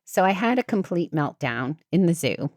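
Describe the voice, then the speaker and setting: A woman hosting a podcast, chatting casually and acting out what people said with sudden jumps in pitch. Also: normal speed, no echo, clean studio sound. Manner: animated, acts out quotes with big pitch jumps. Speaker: podcast host. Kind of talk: casual storytelling chat.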